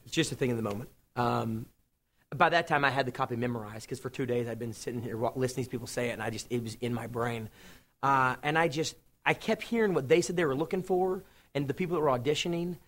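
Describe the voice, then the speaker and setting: A young adult man, a TV host, tells stories from his career in a casual interview, talking fast in a mid-range voice. He's a lively storyteller who acts out what other people said.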